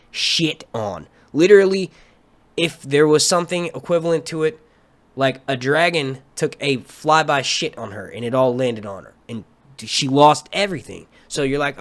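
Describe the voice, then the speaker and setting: A young man hosting a live stream, ranting casually and excitably about a TV episode, swearing often and wandering off into run-on asides. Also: medium pitch. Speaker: livestream host reviewing a TV episode.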